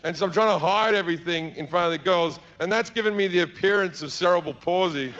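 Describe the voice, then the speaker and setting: A man in his thirties from Australia with an Australian accent, telling a long comic story on stage and acting out the people in it with sudden shouts and low mutters. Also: dull audio, heavy background noise. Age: 30s. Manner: acts out characters in quick bursts, shouts and mutters. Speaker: stand-up comedian. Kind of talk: stand-up storytelling. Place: theater stage before an audience.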